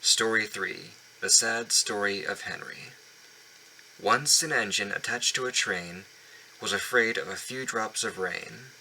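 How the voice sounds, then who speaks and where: Lowish man reading a storybook, stumbling. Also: measured pace, gravelly, bright, forceful tone, a little hiss or hum, rough recording. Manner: reads with stumbles and restarts. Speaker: reader of a children's book. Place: home basement.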